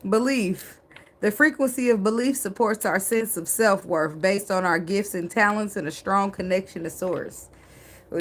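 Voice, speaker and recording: A woman doing a casual tarot reading, chatty and joking, with casual swearing. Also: mid-range voice. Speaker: tarot reader.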